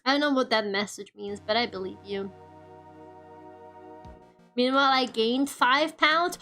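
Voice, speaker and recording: High-voiced chatty streamer woman. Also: slow, pauses often, fairly bright tone, faint music behind. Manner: chatty, laughs often, swears casually. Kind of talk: casual livestream chat.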